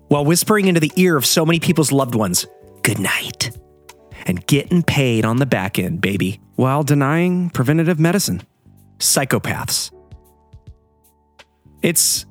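Fired-up male host, profane rant, pitch swinging all over, faint music under him. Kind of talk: heated solo monologue.

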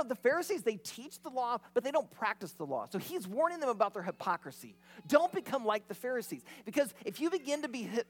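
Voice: mid-range voice, fairly bright tone. A pastor preaching a sermon in a conversational, storytelling way.

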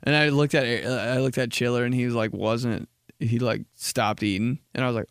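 A young man tells a rambling comic story on his podcast, with a gravelly, fry-heavy voice at a middle pitch. The room sounds dry and close, with no echo. When he quotes people, he slows down and goes low. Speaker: podcast host. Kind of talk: casual comedic monologue.

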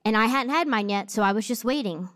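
A woman in her thirties preaching a sermon, telling a personal story in a humorous, animated way. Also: a little high, quick pace.

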